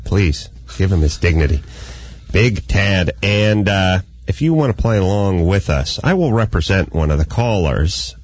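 A man hosting a comedic talk radio show, rambling and animated in his banter. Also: sits low, unhurried, dry recording. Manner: rambling, animated, slips into mock voices.

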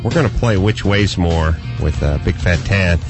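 A man hosting a comedic talk radio show, rambling and animated in his banter. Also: deep voice, moderate pace, over music. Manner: rambling, animated, slips into mock voices.

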